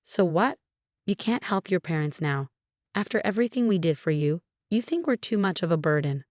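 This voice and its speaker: A woman voicing a demanding, self-pitying older mother-in-law, coaxing and indignant by turns, in a low, dry reading voice. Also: animated, moderate pace, no echo, close to an everyday voice. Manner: wheedling, then indignant.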